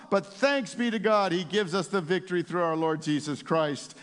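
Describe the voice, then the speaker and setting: A man preaching in a church with a high-pitched voice that swings from near-whispers to ringing declarations. The sound carries a long reverb tail from the large sanctuary. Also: moderate pace, hardly any pauses. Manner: swings between hushed intimacy and loud exclamation. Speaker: pastor. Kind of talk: Easter sermon.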